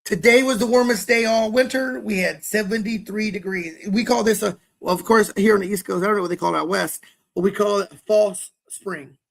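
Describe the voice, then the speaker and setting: A young man co-hosts a podcast from home over a webcam, chatting candidly in a rambling, self-deprecating way. His high-pitched, gravelly voice holds a steady tone and runs a little fast. The webcam mic sits high.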